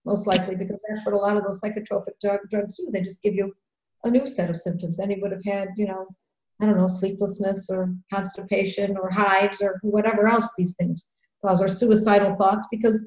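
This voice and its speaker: A middle-aged woman hosting a podcast, telling a story in an earnest, animated way and repeating phrases for emphasis. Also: medium pitch, brisk. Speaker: podcast host. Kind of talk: conversational storytelling. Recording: roomy, dull lo-fi sound.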